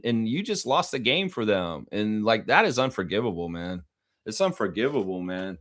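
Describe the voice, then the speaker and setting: A man's voice: on the low side, sing-song, normal speed, a bit bright. A man with a profane, heated manner, hosting a live reaction stream and reading out viewer comments. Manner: reads viewer comments aloud.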